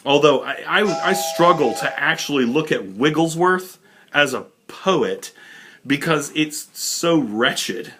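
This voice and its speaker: A man's voice: medium pitch, sharp tone. Rambling casual male literature instructor. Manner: rambling, informal, many fillers and asides. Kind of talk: casual recorded lecture.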